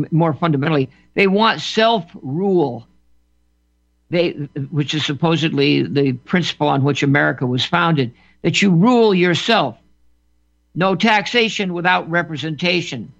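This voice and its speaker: A man's voice: fairly high pitch, a little slow, creaky. A man giving an emphatic political monologue as a commentator, often repeating words and restarting phrases. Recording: dull lo-fi recording.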